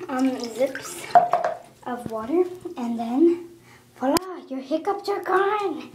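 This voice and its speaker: A woman's voice: sits high, expressive, moderate pace, darkish tone. A young girl chatting casually in a home video, her talk broken by hiccups. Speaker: vlogger. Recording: roomy home camera audio with faint noise.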